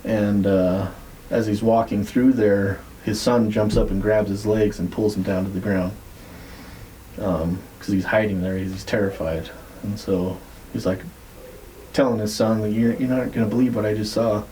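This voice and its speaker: A man with a somewhat low, warm and mellow voice tells a story on a podcast. He talks loosely, rambling with plenty of "like" and the odd curse word. A faint background hiss sits under the recording. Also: level tone, measured pace, rough recording. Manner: loose, rambling retelling with frequent "like" and swearing. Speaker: podcast host. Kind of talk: casual storytelling.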